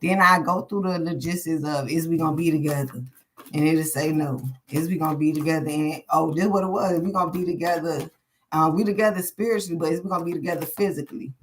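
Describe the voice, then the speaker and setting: Woman w a low voice doing a live tarot reading, cussing a lot, rambling and frank. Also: quick pace, a little hiss or hum. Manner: profane, candid and rambling, thinking aloud. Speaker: tarot card reader.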